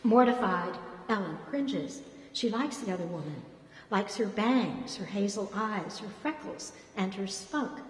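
A woman author reads her fiction aloud with expressive, dramatic delivery. The voice rings with a roomy echo and a long hall reverb. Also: medium pitch, measured pace, slight background noise.

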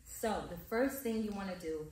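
A woman's voice: medium pitch, normal speed, darkish tone, a little hiss or hum. A woman teaching a dance in a large studio, upbeat and checking in with her students. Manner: upbeat, coaching with frequent check-ins. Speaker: dance instructor. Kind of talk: dance tutorial. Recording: echoey studio from far off.

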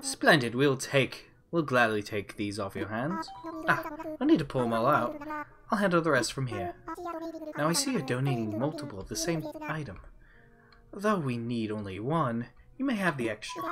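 A woman's voice: extremely low pitch, flat delivery, normal speed, few pauses, over music. A woman voicing a fussy, scholarly male owl who curates a museum, in a prim put-on posh manner.

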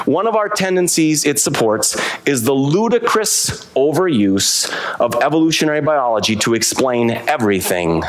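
A man preaching a sermon as pastor in a church, lively and emphatic, slowing down to stress key words. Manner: animated preaching with sweeping pitch, slowing for emphasis. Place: church sanctuary.

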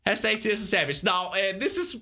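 A young man on a headset coaches a player through a game, patient one moment and whooping the next. His voice is bright and very lively in pitch. He laughs often between his tips. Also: fairly quick. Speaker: gaming host. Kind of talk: gaming commentary, coaching a player.

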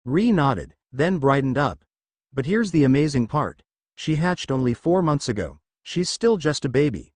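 A man's voice: medium pitch, a little mellow, slightly rough, dry recording. A man reading a fan fiction story aloud in an audiobook style, giving the characters small voice shifts.

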